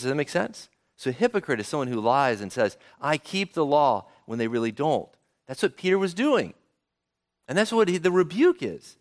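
Male preacher, fairly high voice, very expressive delivery, talks straight to the congregation. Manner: animated, asks the congregation questions. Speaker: pastor. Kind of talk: sermon.

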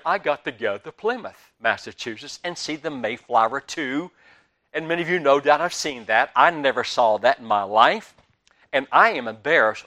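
An older man with a Southern US accent preaching a sermon, telling stories with big swings between loud and soft. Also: medium pitch. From Southern United States. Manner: animated storytelling with big swings in loudness.

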